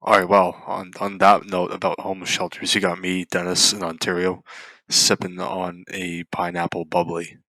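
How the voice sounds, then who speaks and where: A man on a podcast, presenting a topic from slides in a relaxed way. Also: low voice, normal speed, no echo, poor audio. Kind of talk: casual chat, presenting a topic.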